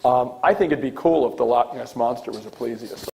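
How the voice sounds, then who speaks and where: A man's voice: mid-range voice, a little fast, gravelly, a little mellow, rough recording. A man rambling hesitantly, full of ums, in a clip played back for review. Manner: meandering, hesitant, many ums. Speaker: speaker in a clip being reviewed. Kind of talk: rambling talk.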